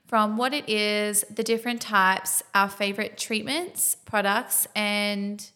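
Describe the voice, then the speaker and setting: A woman's voice: mid-range voice, steady tone, slow pace, bright, forceful tone. A tired woman with an Australian accent, co-hosting a beauty podcast in a chatty manner and laughing often. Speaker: podcast co-host, beauty nurse. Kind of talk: casual chat.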